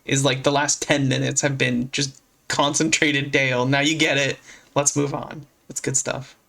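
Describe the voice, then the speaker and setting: A podcast co-host in casual chat, laughing often and tossing in quick asides. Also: medium pitch, little pitch movement, vocal fry, a bit bright.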